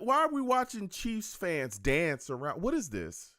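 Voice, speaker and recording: A man hosting a live football draft reaction stream, excitable and quick to laugh, with slangy banter. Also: high-pitched, no room sound, studio quality.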